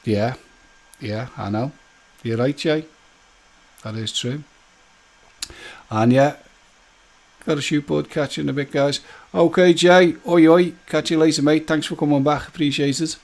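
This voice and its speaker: A man's voice: on the high side, unhurried, creaky, long pauses. A man hosting a live stream, chatting casually and jokily with viewers and greeting them by name.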